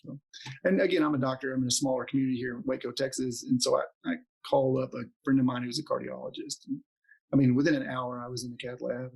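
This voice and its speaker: A man's voice: mid-range voice, fairly even intonation, fast talker, gravelly, husky, rough recording. A man in his forties, a doctor telling a story in an interview and acting out the quotes with animation. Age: 40s. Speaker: podcast guest, doctor.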